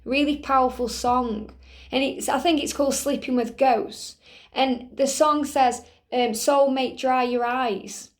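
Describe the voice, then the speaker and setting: A woman's voice: sits high, fairly even intonation, measured pace. A woman giving a spiritual reading in an earnest, reassuring way, often adding small asides to the listener. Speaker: spiritual reader.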